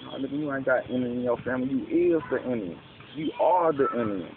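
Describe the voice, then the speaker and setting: Man, casual preachy monologue, street slang, tinny phone-like sound, loud hiss. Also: medium pitch, expressive, quick pace. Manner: preachy, street slang, repeats "you know what I'm saying". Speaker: speaker explaining a belief. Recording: tinny lo-fi with loud background noise.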